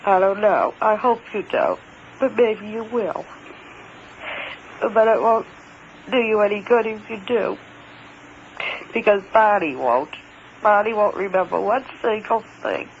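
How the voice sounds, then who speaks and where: A man with a high voice recounts an encounter in the first person, stumbling and repeating himself before pressing his points hard. The recording is dull and lo-fi, with a faint hiss underneath. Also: gravelly. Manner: hesitant, halting, repeats words, grows emphatic.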